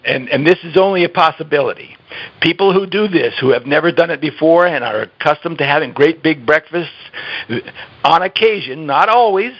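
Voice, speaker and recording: A man's voice: fairly high pitch, a bit bright. A man being interviewed about health habits, talking earnestly and emphatically, laughing often and restarting his sentences. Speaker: guest giving health advice. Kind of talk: conversational interview. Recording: dull lo-fi audio.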